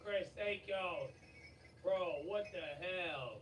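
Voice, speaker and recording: A man hosting a livestream, excitable and swearing, with a strained, fading voice and sudden shouts and laughter. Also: high voice, drawn-out words, distant mic. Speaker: livestream host. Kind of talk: hyped livestream chat. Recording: echoey, off-mic, with loud background noise.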